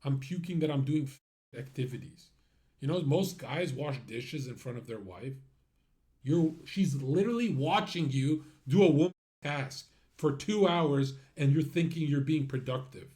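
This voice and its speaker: A man's voice: on the high side, expressive, moderate pace, dark tone. A man streaming a casual monologue, brash and rambling, with many fillers and asides that trail off.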